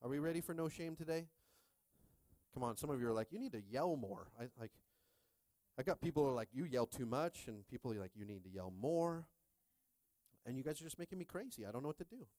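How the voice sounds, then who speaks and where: Pastor, 30s, male, animated and jokey sermon delivery, close dry mic. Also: medium pitch, quick pace, no room sound. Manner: animated, jokey preaching with call-and-response.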